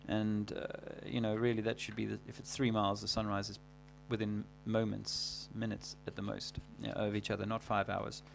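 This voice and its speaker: Gravelly man rambling on a livestream. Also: on the low side, monotone, slight background noise. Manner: rambling, halting, many fillers and restarts. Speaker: livestream host. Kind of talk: casual livestream monologue.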